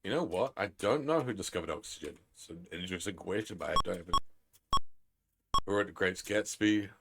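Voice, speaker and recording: A man's voice: low voice, brisk, music in the background. A man from New Zealand with a Kiwi accent, chatting playfully as a game streamer on a live stream. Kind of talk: casual live-stream chat.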